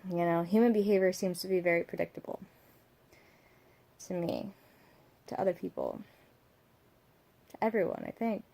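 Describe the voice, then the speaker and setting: A woman's voice: fairly low pitch, fairly even intonation, moderate pace, vocal fry, pauses often, warm tone. A young woman, a mother, talking reflectively at home in a vlog, rambling with many fillers and asides. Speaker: vlogger, mother.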